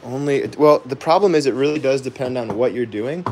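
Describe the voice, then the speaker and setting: A man hosting a live woodcarving stream, thinking aloud with many pauses and fillers and chuckling at his own jokes as he reads viewer comments. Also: medium pitch, music in the background. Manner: chuckles often, jokey and self-deprecating. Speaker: woodcarving livestream host. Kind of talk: live carving demo, chatting with viewers.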